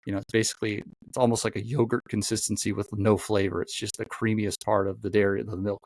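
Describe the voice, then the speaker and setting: A man's voice: on the low side, flat delivery, fast talker, a little mellow, no room sound. A man hosting a podcast, chatting casually and telling a long rambling story. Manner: rambling storyteller, lots of fillers and restarts. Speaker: podcast host. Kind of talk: casual chat.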